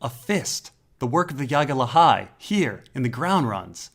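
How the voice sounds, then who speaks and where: Jittery young adventurer in an audiobook, read by a man, pitched up. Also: sing-song, a little slow. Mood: anxious. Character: anxious young male companion.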